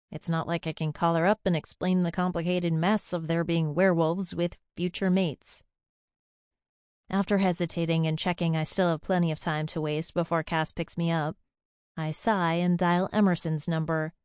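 A woman's voice: fairly low pitch, darkish tone, clear, resonant tone, dry recording, clean studio sound. A young adult woman narrating a first-person audiobook in a chatty, confiding way.

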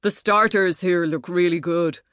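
A woman's voice: fairly low pitch, fairly even intonation, measured pace, a bit bright, dry recording, studio quality. Woman putting on a blunt hulking guy. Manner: blunt, distracted. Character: blunt hungry hulking male rugby player.

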